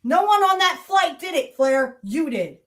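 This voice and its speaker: A woman with a high voice, hosting a podcast and ranting at length. She is heated and accusatory, swears freely and keeps hammering the same rhetorical challenges. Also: big pitch swings, measured pace, fairly bright tone. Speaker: podcast host. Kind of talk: angry monologue rant.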